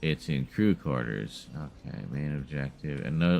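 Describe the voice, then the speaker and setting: A man's voice: rumbling low, measured pace, few pauses, a little hiss or hum. A man giving casual, chatty live commentary as he streams a horror game, wry and laughing at himself, with light swearing. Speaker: gaming streamer.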